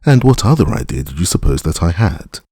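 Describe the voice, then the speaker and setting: A proud young gypsy dancer speaks in short, cold, guarded replies, voiced by a man in an audiobook. The voice is raised from the reader's own deep, dark register. It keeps a gravelly, husky edge. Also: big pitch swings, a little fast, no echo, clean studio sound, exaggerated voice. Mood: wary.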